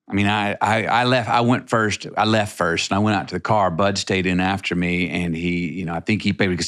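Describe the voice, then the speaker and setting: A man's voice: low-pitched, steady tone, a little fast, hardly any pauses, a bit bright. A middle-aged man from Texas, a podcast guest telling a personal story in a rambling, vivid way with many restarts.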